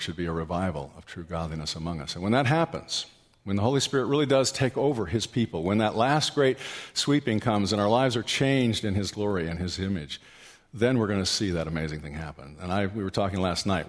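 Preaching man in a reverberant hall. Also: low-pitched. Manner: storytelling, rising to loud animated peaks; asks the congregation questions. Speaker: pastor. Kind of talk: sermon. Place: church hall.

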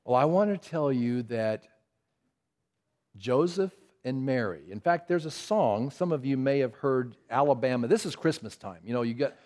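A man's voice: mid-range voice, lively intonation, moderate pace, darkish tone. An older man preaching a sermon, telling family stories and asking the congregation questions. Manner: storytelling, asks the congregation questions. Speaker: pastor.

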